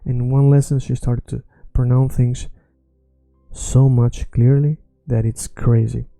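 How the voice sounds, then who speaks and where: A man's voice: medium pitch, unhurried, vocal fry, dry recording, faint music behind. A man who is not a native English speaker, confidently explaining a language lesson online. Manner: confident, self-assured, animated explanations. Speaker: language teacher.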